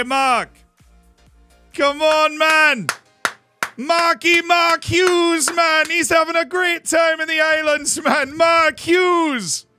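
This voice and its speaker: Brief: man doing a loud, high, sing-song island-accent buddy, bright and excited. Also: full character voice. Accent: put-on generic Caribbean island accent. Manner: exuberant, shouting, sing-song. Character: cheery man with a put-on generic island accent.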